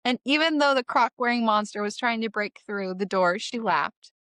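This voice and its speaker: A woman with a fairly high, bright, ringing voice tells a book chapter back in her own words for a podcast. She swears freely and teeters on the edge of crying. The sound is dry and close, with no room around it. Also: animated, normal speed, smooth, no room sound. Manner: irreverent and swearing, often laughing through tears. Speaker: podcast co-host recapping chapters. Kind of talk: casual podcast recap, reading a comic chapter summary.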